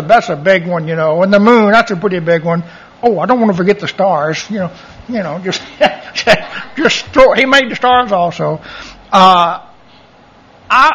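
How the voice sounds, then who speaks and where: A middle-aged man preaching a sermon in a folksy, animated way, full of restarts and asides. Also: high voice, vocal fry, husky. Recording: dull lo-fi sermon recording.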